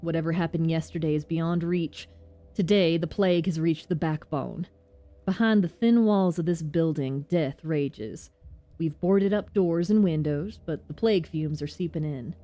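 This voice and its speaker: A woman voicing a stern older male town governor with a Southern US accent and a gruff, sardonic way of talking. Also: low voice, moderate pace, dark tone, faint music behind, natural voice. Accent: Southern US (put on).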